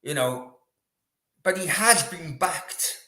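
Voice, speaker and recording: A man's voice: fairly high pitch, animated, slow pace, pushed and bright, echoey room. A man hosting a casual live chat with viewers, chatty and rambling. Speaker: host. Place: room in Australia.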